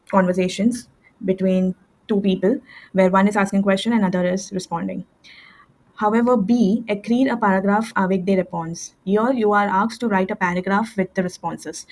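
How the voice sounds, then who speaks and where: A woman tutoring French, explaining verb endings step by step with fillers and quick self-corrections, at a desk with a computer mic. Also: mid-range voice, poor audio. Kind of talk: screen-share language lesson.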